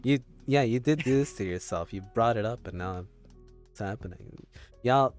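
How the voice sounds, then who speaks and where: A man's voice: medium pitch, normal speed, faint music behind. A man co-hosting a podcast in casual chat, rambling and self-mocking, laughing often. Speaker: podcast co-host.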